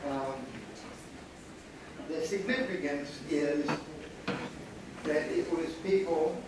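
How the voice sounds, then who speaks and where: A man's voice: a little high, slow. Older man telling a wry story, echoey hall. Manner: wry, anecdotal, chuckling often. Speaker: panelist, former student photographer. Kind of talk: storytelling at a panel talk. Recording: echoey hall, distant mic, audible noise.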